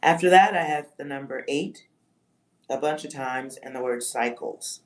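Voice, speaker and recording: A woman's voice: extremely low pitch, normal speed. A woman doing a live-stream psychic reading for her chat, talking in a musing way, reading out words, spelling some of them and swearing offhand. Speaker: livestream psychic reader.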